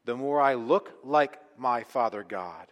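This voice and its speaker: A man preaching a sermon with earnest emphasis, dropping to near-quiet and then pressing loud. His mid-pitched voice carries the long, lingering reverb of a big hall, the sound of a church sanctuary. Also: animated, unhurried.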